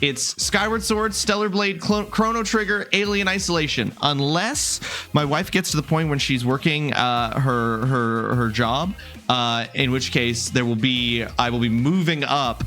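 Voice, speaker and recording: A man's voice: medium pitch, steady tone, measured pace, bright, forceful tone, soft background music. Chatty, joking male game streamer. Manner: chatty and joking, greets viewers by name, wanders off mid-sentence. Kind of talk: casual live-stream chat with viewers.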